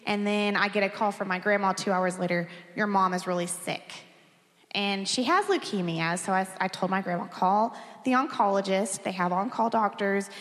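A woman's voice: medium pitch, normal speed. A woman in her thirties, a pastor, telling a candid and emotional personal story during a sermon, with light laughs between phrases. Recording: long hall reverb.

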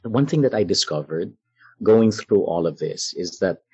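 A man telling a personal story in conversation, measured and dramatic, pausing and laughing softly as he goes. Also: low-pitched, animated, breathy edge, dry recording, lo-fi sound. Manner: measured, dramatic retelling with pauses and soft laughs. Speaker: guest storyteller.

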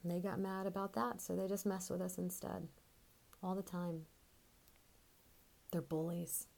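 A woman performing a theatrical monologue, telling a story in a conversational, animated way with casual swearing. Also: on the low side, a little slow, gravelly.

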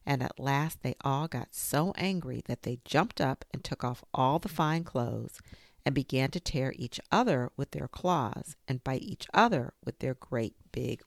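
A woman reading a children's story aloud in an expressive, lilting way. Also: very deep voice, no echo, studio quality.

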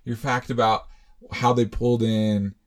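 A man's voice: medium pitch, flat delivery, a little slow. A man co-hosting a casual podcast, joking and laughing as he reacts to movie talk. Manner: jokey, laid-back, laughs often. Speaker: podcast co-host.

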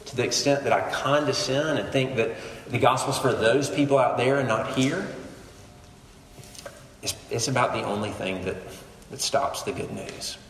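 Male preacher, sermon, conversational and animated, big echoing hall, faint background noise. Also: mid-range voice. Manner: animated, conversational preaching with sudden quiet drops.

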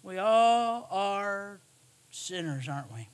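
A man preaching a sermon, emphatic and repetitive, swinging from hushed asides to shouted lines. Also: sits high, expressive, takes it slowly.

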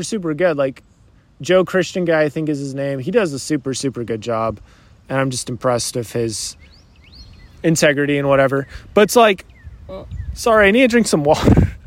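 Chatty young man, high voice. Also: no echo. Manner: chatty, filler-heavy, animated. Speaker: podcast host. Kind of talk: casual religious reflection.

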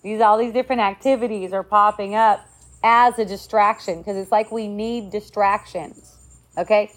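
A woman talks through spiritual ideas in a loose, conversational way. She leans on fillers like "like" and "right?" and swears bluntly and easily. Her voice sits at an ordinary pitch for a woman. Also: fairly even intonation, moderate pace. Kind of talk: casual spiritual talk.

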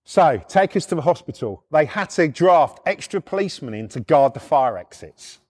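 A middle-aged man with a British accent, telling a rough anecdote in blunt, heavily profane casual speech. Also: on the high side, very animated, moderate pace, darkish tone. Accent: British English. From United Kingdom. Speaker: storyteller.

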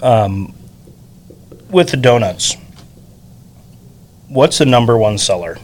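A middle-aged father interviewing a shop owner in a friendly, chatty way, often answering with quick agreeing words. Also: medium pitch, lively intonation. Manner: chatty, agreeable, many short backchannels. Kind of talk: casual interview.

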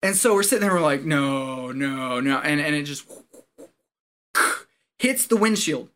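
A man, a former Marine, telling a story in casual chat, animated and profane, often laughing as he talks. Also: a little high, measured pace.

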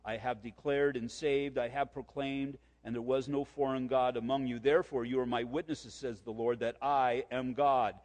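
A man preaching a sermon and reading scripture aloud, emphatic, repeating key points and slowing down for verses. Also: mid-range voice, steady tone, a little mellow, in a large hall. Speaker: pastor.

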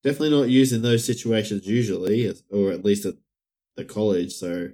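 Deep-voiced man musing hesitantly. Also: fairly even intonation, brisk, dark tone. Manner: hesitant, mildly cynical, trailing off. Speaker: podcast co-host. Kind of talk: casual chat.

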